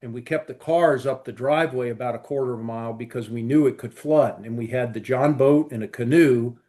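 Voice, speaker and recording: A man's voice: medium pitch, brisk, dark tone. A man co-hosting a podcast, telling long rambling stories in casual chat with many fillers. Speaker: podcast co-host.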